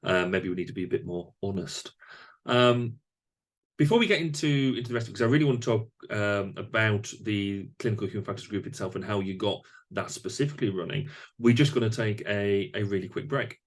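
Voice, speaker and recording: A podcast host conducts a conversational interview, speaking thoughtfully but with plenty of fillers and restarts. His voice is fairly low in pitch, and he talks a little quickly.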